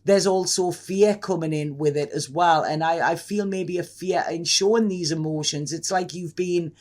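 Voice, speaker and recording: Excitable high-voiced man reading tarot. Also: moderate pace. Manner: rambling and effusive, with many restarts and laughs. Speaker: tarot reader. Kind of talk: casual tarot reading to camera.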